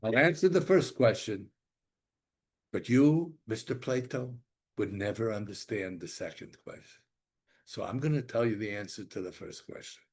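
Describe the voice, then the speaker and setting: A man voicing an ancient prophet, an old man who is grieving but wise, retold in a patient, gently teasing way. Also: on the low side, lively intonation, normal speed, slightly rough.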